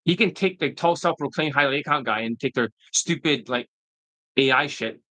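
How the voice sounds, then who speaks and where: A man's voice: mid-range voice, normal speed, sharp tone, dry recording, low-quality recording. Blunt, profane man coaching. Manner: keeps asking "right?" to prompt agreement. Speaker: dating coach. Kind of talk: ranting coaching monologue.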